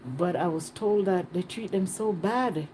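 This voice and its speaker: Woman, travel vlogger, warm mellow voice, chatty and repetitive, phone mic outdoors. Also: fairly low pitch, measured pace, a little hiss or hum. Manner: chatty, animated, repeats herself. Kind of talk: casual vlog chat. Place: outdoors on a Caribbean island.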